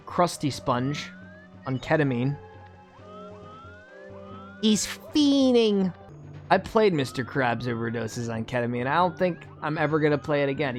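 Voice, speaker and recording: A man giving casual gameplay commentary as a gaming YouTuber, rambling and sarcastic, with many restarts. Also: mid-range voice.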